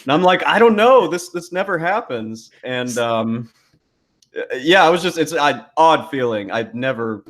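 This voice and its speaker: A man's voice: a little high, lively intonation, measured pace, a bit bright. Laid-back man who laughs a lot. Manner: laid-back, laughs often, many fillers. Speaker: podcast co-host. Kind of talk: casual chat.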